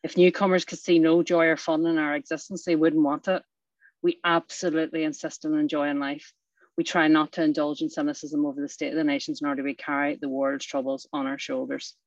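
Effusive meeting host, flat steady reading. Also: medium pitch, fairly quick, no room sound, lo-fi sound. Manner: warm and effusive, devout. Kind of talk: thanking the speaker and reading aloud.

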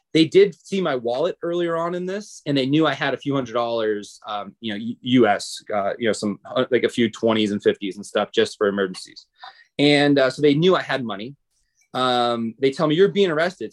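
A man from the United States recounts a story on a podcast in loose, casual speech. He slips into the voices of the people he quotes, which keeps the telling animated, and his pitch sits in an ordinary middle range for a man. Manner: animated, acts out others' lines in quotes. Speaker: podcast guest.

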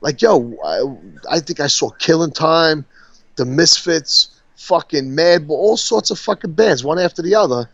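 A man's voice: on the high side, expressive, measured pace, a bit bright, dry recording. Profane rambling New guy. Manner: profane, rambling storytelling with laughs. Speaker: podcast co-host. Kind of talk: casual chat. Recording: dull, dry lo-fi sound.

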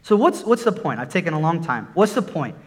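A middle-aged man delivering a sermon built on a personal testimony. His voice sits a little high for a man, and he tells his story earnestly before pressing hard on the listeners. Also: big pitch swings, brisk. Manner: earnest storytelling, rising to emphatic exhortation. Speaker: preacher.

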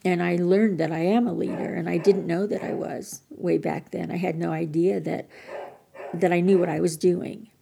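Older woman guest, heavy vocal fry, low voice, candid self-deprecating storyteller. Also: fairly even intonation, normal speed, dark tone. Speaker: podcast guest. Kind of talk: personal recovery story.

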